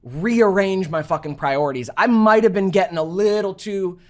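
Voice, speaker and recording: A podcast co-host in casual chat, reacting quickly and telling a story with swearing. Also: mid-range voice, a little mellow.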